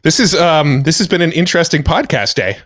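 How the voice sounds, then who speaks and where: A man's voice: fairly high pitch, animated, brisk, a bit bright. A man co-hosting a podcast from home, chatty and loose, with lots of filler phrases. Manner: chatty, lots of "like" and "you know". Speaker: podcast co-host. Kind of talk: casual chat. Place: at home, recording remotely.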